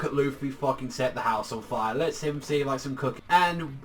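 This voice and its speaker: A man's voice: mid-range voice, normal speed, few pauses, far from the mic. Rambling young man, mic held off. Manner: loose and profane, heavy on filler "like". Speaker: manga reviewer. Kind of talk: casual rambling review.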